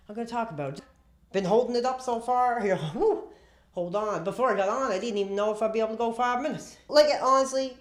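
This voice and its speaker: A man's voice: high-pitched, fairly bright tone, echoey room. Rambling, sighing man ranting on stream. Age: 30s. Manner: rambling, dramatic, sighing, stammering restarts. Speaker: livestreamer. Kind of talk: rambling comedic livestream rant.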